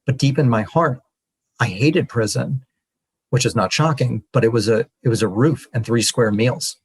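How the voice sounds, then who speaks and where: A man, a podcast guest and author, telling his story in an earnest, animated way. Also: medium pitch, normal speed, breathy edge, low-quality recording. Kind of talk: storytelling interview.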